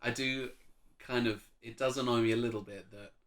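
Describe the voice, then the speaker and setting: A man's voice: medium pitch, fairly even intonation, moderate pace, a bit bright. A man co-hosting a casual film review chat, thoughtful and wry, laughing at his own jokes.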